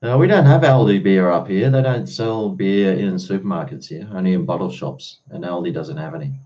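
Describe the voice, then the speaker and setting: A man's voice: low-pitched, normal speed, mellow, dull audio. An Australian man live-streaming, chatting casually with viewers and answering their comments in a blunt, freely swearing way.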